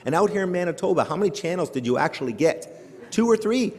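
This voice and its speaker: A middle-aged man from Canada works a live audience in a big hall with quick, animated jokes. His voice sits high and races along. A long reverb trails each line. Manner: animated, joking, rhetorical questions. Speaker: keynote speaker. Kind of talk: humorous keynote speech. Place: large hall before an audience.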